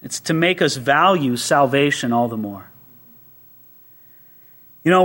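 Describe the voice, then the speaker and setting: Male pastor, high and animated, preaching with rhetorical questions and impassioned quoted prayers. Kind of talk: sermon.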